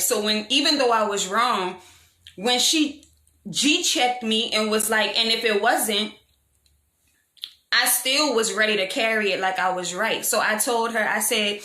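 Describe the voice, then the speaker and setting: A young woman telling a storytime vlog in a frank, animated, slangy way, poking fun at herself. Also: mid-range voice. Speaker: vlogger. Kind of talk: casual storytime monologue. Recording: echoey room.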